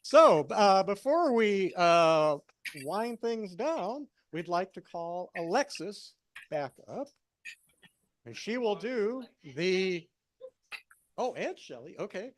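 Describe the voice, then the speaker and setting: A man's voice: high voice, big pitch swings, slow pace. A man hosting a live arts evening, upbeat and loose, stumbling a little over his words. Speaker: event host.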